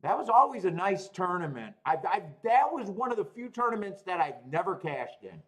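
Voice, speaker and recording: Pitched high and sing-song, his fairly bright voice moves at a moderate pace. He's a man in his thirties running a live stream, going through the chat in a loose, rambling way, swearing freely and laughing often.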